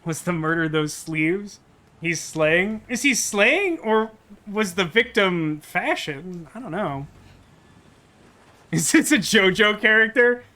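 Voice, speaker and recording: A man's voice: high-pitched, lively intonation, takes it slowly, pushed and bright. A man hosting a let's play, reading game dialogue aloud and breaking off into joking, rambling asides.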